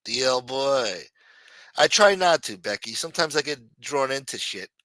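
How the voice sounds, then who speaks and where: A man's voice: mid-range voice, expressive, moderate pace, bright, forceful tone, dry recording, poor audio. A man hosting a casual livestream, brash and profane, thanking chat donors. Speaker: livestream host.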